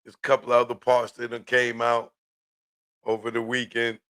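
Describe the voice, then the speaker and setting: A man hosting a casual live-stream, talking in a relaxed, slangy way and hyping up his viewers. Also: medium pitch, smooth. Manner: laid-back, hypes viewers, drawn-out street slang. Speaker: live show host.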